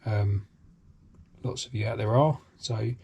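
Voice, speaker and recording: A man's voice: fairly low pitch, takes it slowly, vocal fry, dark tone, a little hiss or hum. A British man hosting a hobby channel, talking casually through an unboxing with lots of ums and restarts. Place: home workshop.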